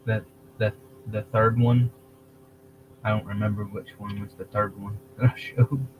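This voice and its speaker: A man hosting a casual livestream, talking in a rambling, halting way, restarting phrases and clearing his throat. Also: lowish voice, level tone, narrow, tinny audio, noisy background. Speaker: livestream host.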